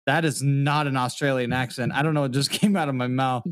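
A man's voice: mid-range voice, fairly even intonation, brisk, dry recording, studio quality. A man co-hosting a podcast in casual chat, joking, swearing and laughing as he reads facts aloud. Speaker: podcast co-host.

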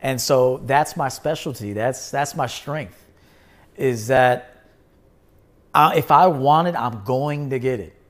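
A man with a mid-range voice takes his time as he hosts his own show. His casual livestream monologue is blunt and emphatic, with swearing and repeated lines for emphasis.

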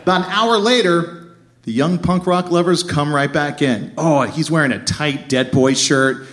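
A man telling a funny true story on stage, animated and laughing as he goes. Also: fairly high pitch, normal speed. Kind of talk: live comic storytelling.

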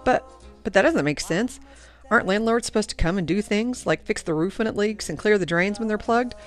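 A woman voicing an earnest young girl who speaks in a halting, questioning way. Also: mid-range voice, soft background music, voice pushed up, close to an everyday voice. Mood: bewildered.

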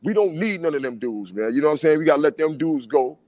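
A man in casual chat, talking in an animated, street-style way and often asking "you know what I'm saying". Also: fairly high pitch, quick pace, no echo.

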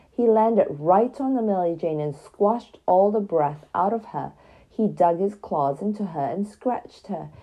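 A woman reading a children's story aloud in a gentle, even storyteller manner. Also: medium pitch, husky, rough recording.

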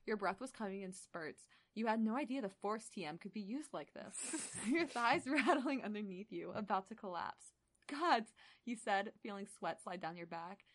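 A woman's voice: mid-range voice, expressive, moderate pace, hardly any pauses. Giggly woman reading fan fiction aloud. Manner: giggly, breaks into laughter, chatty asides. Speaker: podcast co-host.

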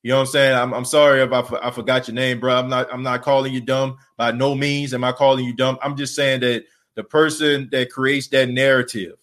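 His mid-range voice is fairly bright, flat in delivery, and fairly quick with few pauses as he rants emphatically on his solo sports podcast. The host fires off repeated rhetorical questions in casual slang, tired after an overnight shift.

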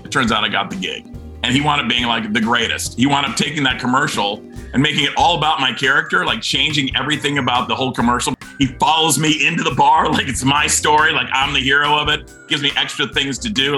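A man's voice: medium pitch, fast talker, faint music behind. A man telling a casual anecdote, acting out the other people's lines with animation. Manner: animated, acts out the other voices. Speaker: actor telling a story.

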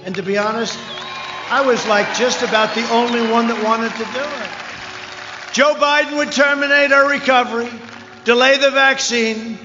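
A man giving a rambling, off-the-cuff rally speech, repeating himself, with mocking asides and shouted lines. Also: very high-pitched, steady tone, moderate pace, faint music behind, some chatter behind. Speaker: political candidate speaking at a rally. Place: large rally venue. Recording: echoey, lo-fi rally sound with long reverb.

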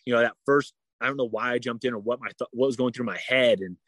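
A man's voice: mid-range voice, fast talker, fairly bright tone, no echo. Guy rambling thru his story, lots of likes and you knows, dry close sound. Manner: rambling, frequent "like" and "you know" fillers. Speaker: endurance athlete guest. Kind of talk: casual interview storytelling.

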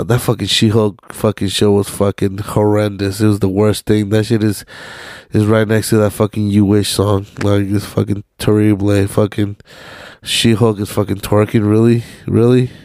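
A man's voice: on the low side, completely flat delivery, moderate pace, a little mellow, no room sound, clean studio sound. A young man hosting his own podcast alone, rambling in a casual, slangy, heavily profane way. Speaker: podcast host. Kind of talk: casual solo podcast rant.

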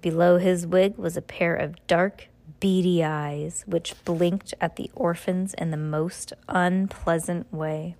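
A woman's voice: fairly low pitch, fairly even intonation, slow pace, a little mellow. A woman reading a children's book aloud in a casual way, stumbling on hard words and correcting herself. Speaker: reader.

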